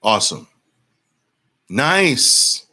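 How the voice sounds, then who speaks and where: A man's voice: medium pitch, big pitch swings, very slow, bright, forceful tone. A man coaching traders in a live-streamed lesson, blunt and emphatic, repeating words for force and answering viewer comments. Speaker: trading coach.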